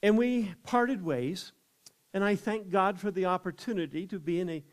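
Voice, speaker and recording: A man's voice: high-pitched, normal speed. An older man and chaplain telling personal faith stories in a folksy way, often acting out what other people said. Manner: folksy, acts out others' quoted words. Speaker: chaplain and evangelist. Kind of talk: personal testimony storytelling.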